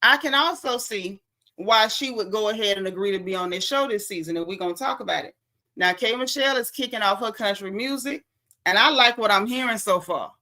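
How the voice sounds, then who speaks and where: A woman's voice: medium pitch, brisk, sharp tone. Sassy Southern woman dishing gossip. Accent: Southern American. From American South. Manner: sassy, blunt, talks straight to viewers. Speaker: host. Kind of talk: casual gossip commentary.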